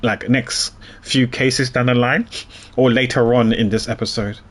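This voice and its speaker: A man's voice: medium pitch, fairly even intonation, measured pace. A man streaming a game, chatting casually with his viewers and thinking aloud as he plays. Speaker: gaming streamer. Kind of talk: casual gameplay commentary.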